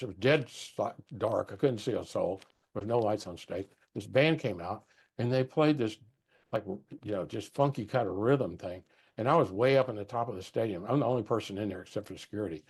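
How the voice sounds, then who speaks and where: A man's voice: on the low side, a little mellow. An older man, an acoustics designer, telling a rambling anecdote in casual conversation, with frequent fillers and restarts.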